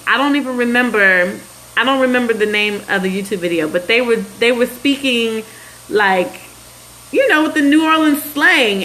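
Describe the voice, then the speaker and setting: A woman's voice: on the high side, a bit bright, a little hiss or hum, rough recording. A woman hosting a casual phone livestream, chatting and laughing with viewers, often drifting off topic. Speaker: livestream host. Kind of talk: casual livestream chat reading viewer comments.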